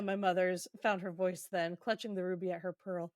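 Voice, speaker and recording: A woman's voice: mid-range voice, brisk, few pauses, no echo, clean studio sound. A woman hosting a podcast, casually recapping a book in a chatty, irreverent way, swearing and laughing along. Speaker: podcast host.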